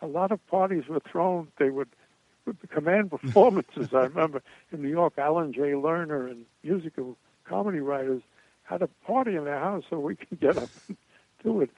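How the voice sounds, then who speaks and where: Older guy rambling thru old stories, kinda high voice, tinny phone sound. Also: normal speed, darkish tone, no echo. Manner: rambling, chuckling raconteur. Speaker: guest. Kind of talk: anecdotal storytelling interview. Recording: tinny phone-like line, dry.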